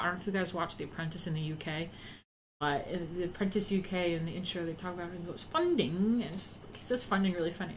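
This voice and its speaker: A woman's voice: fairly low pitch, a little hiss or hum. A young woman who is out of breath from pregnancy, hosting a casual livestream chat, rambling and reading viewer comments aloud. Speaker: livestream host.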